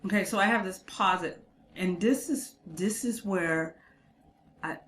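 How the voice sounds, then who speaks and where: A woman's voice: medium pitch, measured pace, a bit bright, a little hiss or hum. A woman hosting a casual reaction commentary, chatty and emphatic with slangy asides. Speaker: host reacting to a clip.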